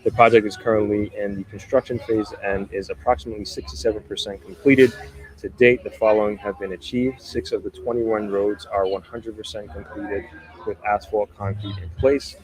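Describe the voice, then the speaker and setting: A man's voice: fairly low pitch, fairly even intonation, moderate pace, poor audio. A man hosting a live stream, reading news articles aloud with chatty asides to his viewers, outdoors by a beach. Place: outdoors near a beach in Jamaica.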